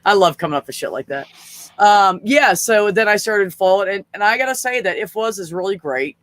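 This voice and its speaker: A man hosts a casual livestream chat in a high voice, heard close and dry. He rambles frankly with plenty of swearing and filler words. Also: animated, a little fast, a bit bright, dry recording. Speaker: livestream host.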